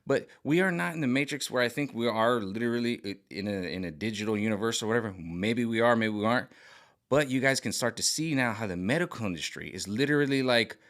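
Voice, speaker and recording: A man's voice: mid-range voice, lively intonation, quick pace, fairly bright tone. A middle-aged man talking in a rambling, agitated vlog monologue, repeating himself and restarting often. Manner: mimics other voices sarcastically. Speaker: vlogger.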